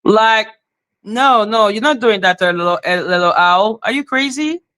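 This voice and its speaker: A woman's voice: mid-range voice, normal speed, bright, forceful tone. A woman hosting a livestream, talking bluntly and profanely in a heated rant to her chat. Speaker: livestream host.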